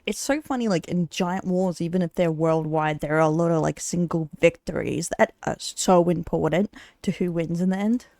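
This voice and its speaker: A woman's voice: lowish voice, normal speed, darkish tone, dry recording. Giggly chatty woman from Australia. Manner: chatty, giggly, filler-heavy. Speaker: streamer reacting to a video. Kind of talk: casual reaction commentary.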